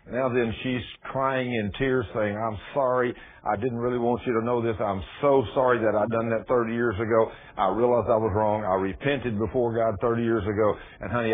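A male preacher, giving a folksy sermon that builds into loud, emphatic preaching. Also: lowish voice, husky. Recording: muffled phone-like radio broadcast.

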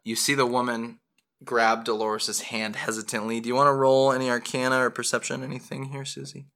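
A man's voice: medium pitch, completely flat delivery, fairly quick, vocal fry, a bit bright. Rambling man running a tabletop game. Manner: rambling, with many fillers and self-corrections. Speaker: game master.

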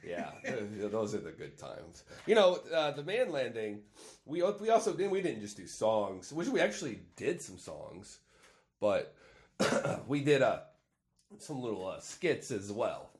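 Male podcast host, casual chat, laughing, swearing, stammering, lively pitch. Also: a little slow.

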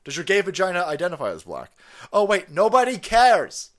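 A man's voice: sits high, wildly swooping pitch, brisk. A man hosting a stream, ranting in angry, swearing, mocking commentary on a played clip. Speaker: stream host.

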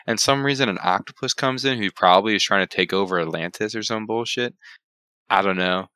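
A man's voice: deep voice, a little fast, bright, forceful tone, dry recording. A young man co-hosting a casual podcast, joking and teasing his friends in crude slang. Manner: joking, crude, teasing, retells plots in silly voices. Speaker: podcast co-host. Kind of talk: casual chat.

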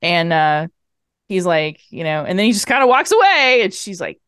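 A woman's voice: lowish voice, moderate pace, clean tone, dry recording, clean studio sound. A woman co-hosting a podcast, recapping a film in casual chat, acting out the characters' lines and swearing freely. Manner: animated retelling with acted-out quotes and swearing. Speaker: podcast co-host.

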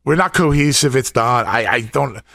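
Mid-pitched, stammering male co-host. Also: animated, gravelly, bright, forceful tone, no echo, clean studio sound. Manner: halting, stammering, agreeable interjections. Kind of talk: political talk show chat.

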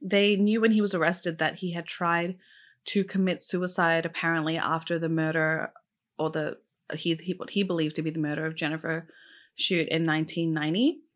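A woman's voice: deep voice, flat delivery, moderate pace. A woman hosting a true crime podcast, telling the case casually with lots of "like" and "um" and asking her listeners questions. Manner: chatty, many fillers like "like" and "um"; asks listeners questions directly. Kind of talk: casual storytelling.

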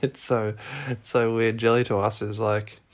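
An Australian podcast co-host chatting casually, relaxed with dry asides. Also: medium pitch, normal speed. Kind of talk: casual chat.

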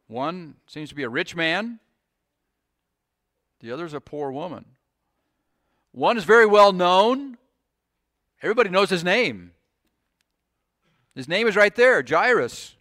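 A man's voice: on the high side, a bit bright, no room sound, clean studio sound. A man preaching a sermon to his congregation, earnest, often restarting his sentences and asking the listeners questions. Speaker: pastor.

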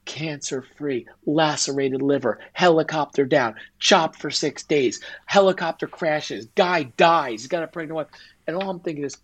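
A man's voice: on the high side, normal speed, breathy edge. A man, a guest and author, telling an emotional personal story in an interview and acting out quoted dialogue.

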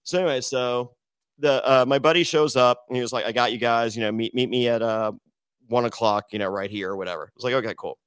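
A man's voice: medium pitch, fast, smooth, no room sound, clean studio sound. A middle-aged man, a podcast guest, telling a long rambling story in casual chat, with many restarts, and acting out the voices of the people in it.

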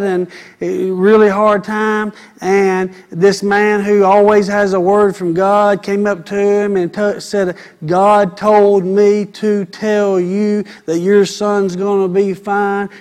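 A preacher with a notably high voice delivers his sermon. He swings from quiet asides to loud, fiery exhortation. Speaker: pastor.

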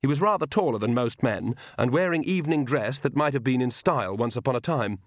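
A male audiobook narrator reading a comic fantasy novel in a measured, steady storytelling voice. His pitch is an ordinary middle range, and the recording is dry and close with no room sound. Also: no echo. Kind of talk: scripted narration.

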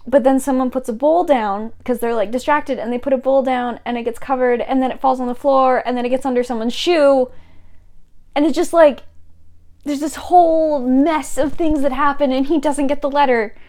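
Young woman podcast cohost, high voice, rambly excited retelling, lots of "like". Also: moderate pace. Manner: animated and breathless, lots of "like". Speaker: podcast co-host. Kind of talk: casual chat retelling a story.

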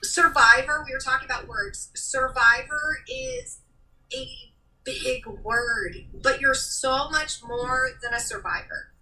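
A woman's voice: high-pitched, lively intonation, slow, bright, forceful tone, far from the mic, rough recording. A woman guest in a podcast interview, speaking emphatically and motivationally, close to tears. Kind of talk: casual interview chat.

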